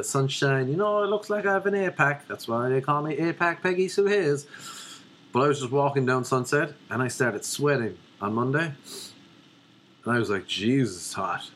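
A young man telling a rambling comic story with deadpan, self-mocking asides. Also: mid-range voice, a little hiss or hum. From Ireland.

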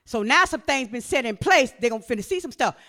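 A woman preaching, swinging from quiet talk to shouted exhortation. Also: animated, fast talker. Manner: impassioned, rising to shouts then dropping low.

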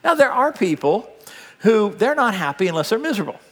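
An older man preaching a sermon, telling stories with big swings between loud bursts and hushed asides. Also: high voice, sing-song, brisk. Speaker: pastor. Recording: long hall reverb.

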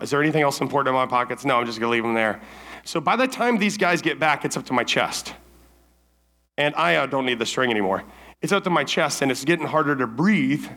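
Camp speaker guy, kinda high bright voice, casual storytelling, lots of "like"s, acts out the quotes. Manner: animated, acts out his own quoted lines; casual, many fillers like "like" and "right?". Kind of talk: storytelling sermon to teens.

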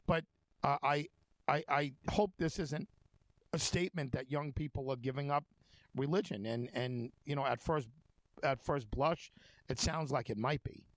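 A man's voice: mid-range voice, moderate pace, dry recording. A man hosting a talk show, telling stories in a rambling, conversational way with many fillers and restarts. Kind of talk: casual conversation.

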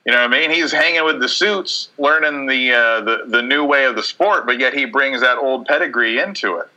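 A man's voice: medium pitch, a little fast, bright, forceful tone, poor audio. A man hosting casual sports talk on the radio, loose and joking, swearing with lots of fillers.

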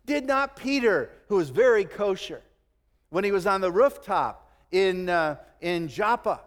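Lively high-voiced male preacher. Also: measured pace, big-room sound. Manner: animated preaching with acted-out quotes and chuckles. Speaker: pastor. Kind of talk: sermon.

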